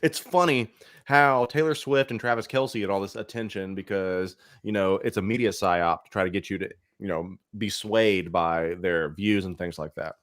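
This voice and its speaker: A man's voice: deep voice, moderate pace, a bit bright, no echo, studio quality. A man from Cincinnati, co-hosting a casual podcast chat, blunt and opinionated, swearing freely. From Cincinnati, USA. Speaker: co-host.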